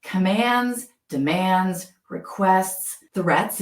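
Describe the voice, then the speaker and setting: A woman's voice: fairly low pitch, moderate pace, few pauses, roomy sound. A woman, a school psychologist, explaining things animatedly in an interview and acting out teacher and student voices as she goes. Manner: expressive, acts out teacher and student voices, laughs often. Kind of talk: animated interview talk with acted-out examples.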